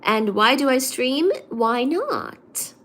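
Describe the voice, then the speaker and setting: A woman hosting a casual livestream, greeting viewers one by one by name and answering chat in a soft-spoken way with frequent ums. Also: high-pitched, animated, slow pace. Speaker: livestream host reading chat.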